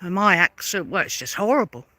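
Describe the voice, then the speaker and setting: A woman rants straight at her detractors in a vlog, sarcastic and combative, hammering the same questions again and again. Her voice is sharp and tense, and the recording is dry and close with no room sound. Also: fairly low pitch, very animated, fairly quick, no echo. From London. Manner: confrontational, sarcastic, repeats pointed questions. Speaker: vlogger. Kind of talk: angry rebuttal rant to camera.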